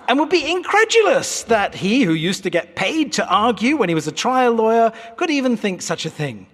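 Lively British preacher in an echoey church. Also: male voice, sits high, normal speed, hardly any pauses. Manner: articulate, earnest, wry asides. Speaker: pastor. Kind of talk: sermon. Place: church sanctuary, at the pulpit.

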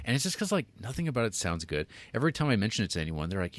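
A man's voice: fairly low pitch, big pitch swings, racing, no echo. A man co-hosting a podcast, chatting casually and laughing easily. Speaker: podcast co-host. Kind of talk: casual film chat.

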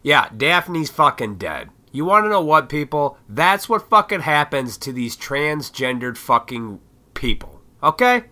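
Man, raspy with a cold, heated profane podcast rant, lively up-and-down pitch. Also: unhurried. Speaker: podcast host.

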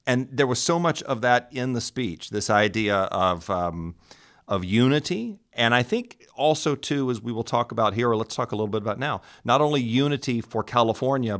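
A man's voice: lowish voice, lively intonation, normal speed, a bit bright. A man hosting a political podcast, talking in a wry, conversational way. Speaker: podcast host. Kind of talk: casual political talk.

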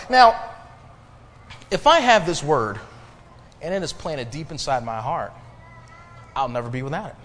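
A male pastor preaching a sermon to his congregation, building emphasis and pausing for responses. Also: on the high side, sing-song, long reverb tail, slight background noise. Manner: preaching with rising emphasis and call-and-response pauses. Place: church sanctuary.

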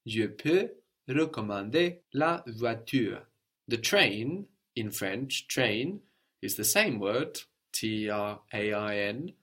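In this spoken language lesson, a male teacher walks through pronunciation with steady patience, pausing to test his student with brief questions. He has a lowish, fairly bright voice and lively intonation.

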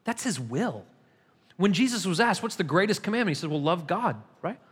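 A man's voice: high-pitched, big pitch swings, brisk, fairly bright tone, breathy edge. A man pastor preaching a sermon in a church, emphatic and repetitive, building in intensity. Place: church sanctuary. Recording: long hall reverb.

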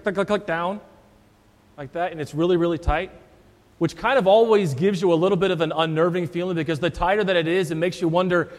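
A man's voice: high-pitched, in a large hall. A man, a pastor, preaching a sermon and telling a story in a conversational way. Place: church.

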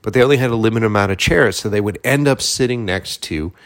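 A man's voice: on the low side, fast. A man from Boston telling a story in a casual monologue, swearing often and acting out the dialogue. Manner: profane, animated storytelling with acted-out dialogue.

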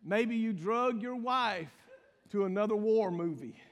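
High-voiced pastor in a reverberant hall. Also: male voice, measured pace, dull audio. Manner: folksy storytelling with call-outs to the congregation. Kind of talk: humorous sermon.

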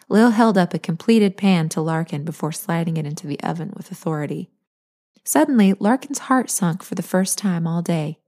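Woman reading her own novel on her podcast, steady and measured, lowish voice. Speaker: author and podcast host.

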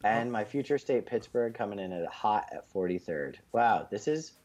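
Animated, sarcastic man ranting. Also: on the low side, normal speed, highs cut off. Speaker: podcast co-host. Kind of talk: casual chat.

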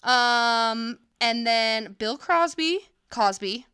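A woman's voice: fairly high pitch, expressive, extremely slow, pushed and bright, clean tone, dry recording, studio quality. A woman co-hosting a podcast in casual, teasing, slangy chat. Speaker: podcast co-host.

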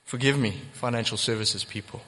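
A man's voice: medium pitch, fairly quick, bright, forceful tone, a little hiss or hum. A man preaching a sermon as pastor, earnest and emphatic, repeating key phrases for weight. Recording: long church hall reverb.

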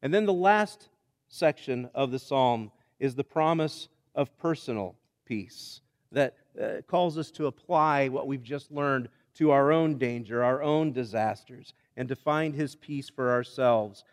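A man's voice: medium pitch, a little slow, big-room sound. A man preaching a sermon in a conversational way, often restarting his phrases. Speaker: pastor.

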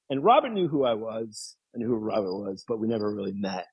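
Husky man telling stories. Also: brisk, hardly any pauses, low-quality recording. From New York. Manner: animated, laughs often, acts out quotes in a higher voice. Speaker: interview guest. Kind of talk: casual storytelling.

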